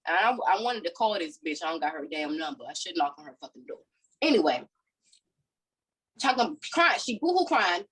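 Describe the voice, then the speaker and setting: A woman co-hosting a podcast, telling a story in a heated, profane, animated way in casual chat. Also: lowish voice, fairly quick, husky, poor audio. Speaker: podcast co-host.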